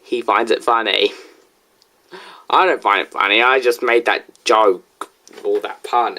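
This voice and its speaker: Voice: a little slow, long pauses. A young video reviewer in casual, rambling commentary, answering a critic with restarts and asides. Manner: rambling, restarts, lively pitch swings.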